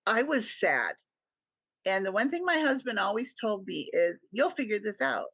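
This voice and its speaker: A woman's voice: medium pitch, sing-song, moderate pace, fairly bright tone, slightly rough, no room sound. A middle-aged woman, a podcast guest, telling a personal story with earnest feeling and acting out what people said. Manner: earnest storytelling, acts out quoted dialogue.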